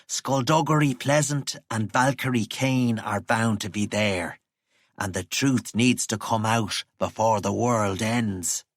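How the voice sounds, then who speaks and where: A man voicing a calm, knowing man who speaks in a measured, wry way. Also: lowish voice, dry recording, clean studio sound.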